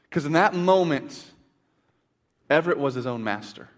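A man in his thirties preaching a sermon in church, telling family stories with big swings between loud and hushed. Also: on the high side, expressive, moderate pace. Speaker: pastor. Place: church sanctuary. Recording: long hall reverb.

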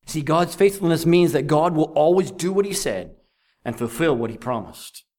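A man preaching an evangelistic sermon at an evening meeting, fervent, swinging from loud declarations to hushed lines, with rhetorical questions and repetition. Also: fairly high pitch, animated, normal speed.

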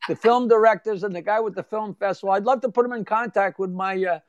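A man's voice: high-pitched, fairly even intonation, dry recording, lo-fi sound. An older man, a comedian guest telling jokes and chatting playfully in an interview. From Long Island, New York. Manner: rapid joke delivery, playful and self-mocking. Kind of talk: casual interview and joke telling.

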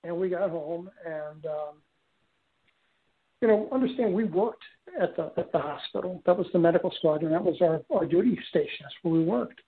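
Heard on a thin, tinny phone line, a man with a fairly high voice talks at an ordinary speed. He's a guest sharing a lengthy personal tale in a relaxed, wandering style, often restarting and leaning on fillers.

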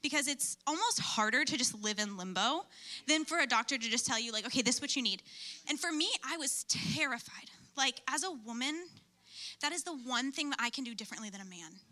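A young woman gives a church testimony with a high, very bright voice. She tells it like a chatty, animated story, full of fillers and asides. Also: fairly quick. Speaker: speaker at church. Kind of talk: personal testimony.

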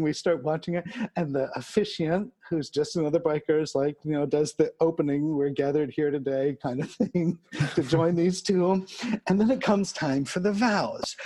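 A man's voice: a little high, dark tone, breathy edge. A man telling a long funny story in casual chat, laughing often and repeating words as he builds it up. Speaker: storyteller guest. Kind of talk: casual anecdote.

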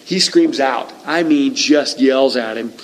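Conversational male pastor, animated storyteller, middle-pitched voice, stumbles and restarts. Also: slow pace, a little hiss or hum, low-quality recording. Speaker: preacher. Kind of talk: sermon.

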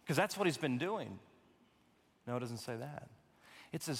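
A man with a high voice preaches a sermon as pastor, piling up repeated phrases for emphasis. His voice rings with the long reverb of a church hall. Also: moderate pace, pauses often, a bit bright.

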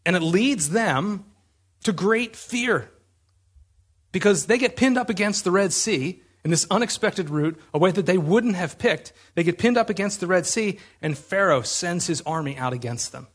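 A man's voice: high-pitched, animated, normal speed, husky. A man preaching a sermon in a conversational, emphatic way, often restarting his phrases.

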